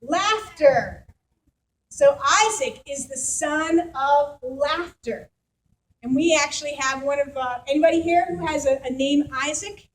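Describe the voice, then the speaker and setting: Brief: woman pastor, high voice, chatty animated sermon to her congregation. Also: unhurried, rough recording. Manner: animated storytelling, conversational with congregation. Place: church.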